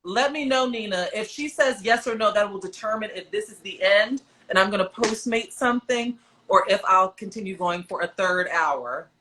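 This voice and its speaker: A woman's voice: mid-range voice, moderate pace, few pauses, bright, forceful tone. A woman hosting a livestream, chatting playfully with her guest and addressing viewers in the comments. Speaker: livestream host. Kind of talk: casual livestream chat.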